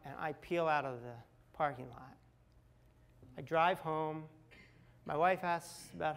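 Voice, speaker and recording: A middle-aged man with a somewhat high voice recounts a personal ordeal in a candid, confessional way. He builds tension, then drops to near-whispers at the tense moments. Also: slow, gravelly, pauses often. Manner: candid, dramatic retelling with acted quotes and swings from loud to hushed. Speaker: speaker sharing a personal recovery story. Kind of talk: personal storytelling talk.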